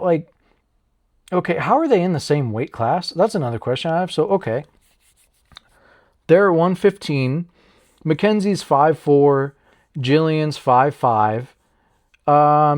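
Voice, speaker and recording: A fairly high-voiced American man hosts a loose, chatty MMA breakdown. He rambles, swears freely and cracks jokes at his own expense. The delivery is casual and off the cuff. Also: a little mellow. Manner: rambling, profane, jokey, laughs at himself. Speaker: MMA channel host. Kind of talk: casual fight breakdown vlog.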